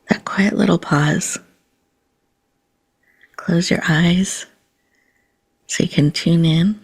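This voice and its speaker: A woman hosting a podcast, leading listeners through a slow, soothing mindfulness and breathing exercise. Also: fairly low pitch, slightly rough. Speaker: podcast host.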